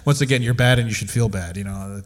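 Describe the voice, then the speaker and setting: A man co-hosting a casual podcast, telling stories with sudden animated rises in his voice. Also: on the low side, fast. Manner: animated storyteller, rises sharply for emphasis. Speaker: podcast co-host. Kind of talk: casual chat.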